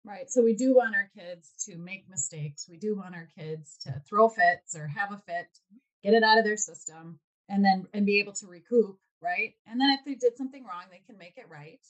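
A woman's voice: medium pitch, moderate pace, rough recording. A woman hosting a parenting podcast, summarizing her guest's points and asking follow-up questions. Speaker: podcast host. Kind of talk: podcast interview.

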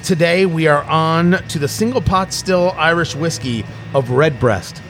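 A middle-aged podcast host with a fairly bright, high-leaning voice leads a casual tasting chat at an unhurried pace. He rambles, keeps interrupting himself to restart sentences, and jokes throughout.

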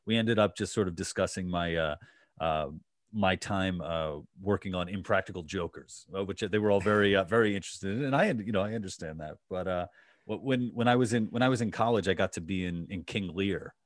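A man's voice: low voice, a little fast, dry recording, clean studio sound. A man hosting a podcast, telling a story in casual chat with many restarts and fillers. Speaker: podcast host.

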